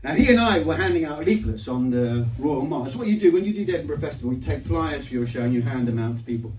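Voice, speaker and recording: A man in his fifties doing a live stand-up comedy set, telling animated stories with heavy swearing and bursts of shouted impressions. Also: on the high side, fast talker. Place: live comedy venue with audience. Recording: roomy, distant, dull live-club sound with loud crowd laughter.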